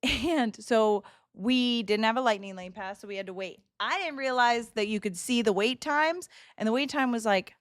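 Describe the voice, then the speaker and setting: A woman livestreamer talks casually to her chat, telling lively stories with frequent laughter and the odd curse word. Her voice sits a little high, and the sound is close and dry with almost no room around it. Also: moderate pace, few pauses, no echo. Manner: chatty animated storytelling, frequent laughs and swearing. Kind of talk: casual chat with stream viewers. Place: home streaming setup.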